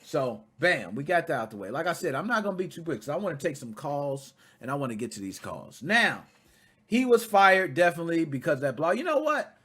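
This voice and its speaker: A man in his thirties hosting casual commentary, talking straight to his viewers in a blunt, profane, animated way. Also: fairly high pitch, a little fast, breathy edge. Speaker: commentary channel host.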